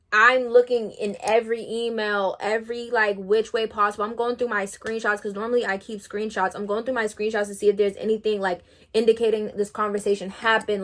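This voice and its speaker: A young woman in her twenties, a rapper and makeup artist, telling a story in an animated way while doing her makeup, swearing freely and acting out quoted dialogue. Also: medium pitch.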